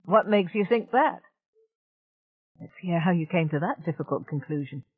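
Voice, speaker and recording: A woman doing a calm, teasing station mind. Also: on the low side, moderate pace, slightly rough, no room sound. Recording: dry, tinny narrow-band audiobook.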